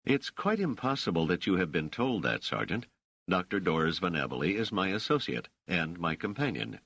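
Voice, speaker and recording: A man's voice: low voice, sing-song, normal speed, vocal fry, a bit bright, dry recording, full character voice. A man voicing an indignant male scholar in an audiobook, speaking with clipped anger. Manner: angry, clipped.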